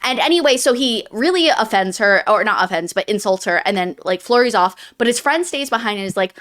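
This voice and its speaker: A woman's voice: medium pitch, expressive, fairly quick, a bit bright. A woman co-hosting a casual book review podcast, talking in a chatty, rambling way. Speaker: podcast co-host.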